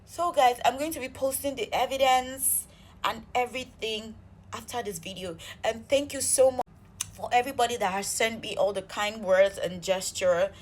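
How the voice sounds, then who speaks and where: A woman telling an exasperated storytime vlog, animated and swearing freely. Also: fairly high pitch, normal speed, slight background noise. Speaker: vlogger.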